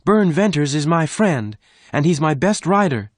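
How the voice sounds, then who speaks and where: Male reader doing a frantic young ranch woman, high pleading cries, dry close sound. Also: sing-song, moderate pace, no room sound.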